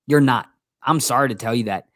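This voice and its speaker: A man's voice: mid-range voice, a little fast, no echo, clean studio sound. A man co-hosting a casual live stream, stammering through restarts and greeting viewers by name. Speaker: co-host.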